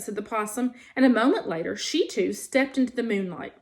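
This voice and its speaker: A woman teacher reading a children's novel aloud in an expressive storytelling style. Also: fairly high pitch, brisk.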